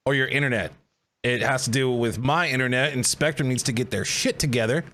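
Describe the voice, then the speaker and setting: A young man co-hosting a casual podcast, animated and full of casual slang. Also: medium pitch, fairly quick. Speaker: podcast co-host.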